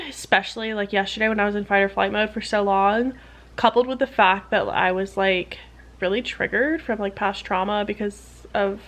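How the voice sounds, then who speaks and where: A young woman in her twenties, a PhD student vlogging, telling a story in quick, breathless casual chat full of "like" and acted-out quotes. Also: mid-range voice, creaky, a bit bright.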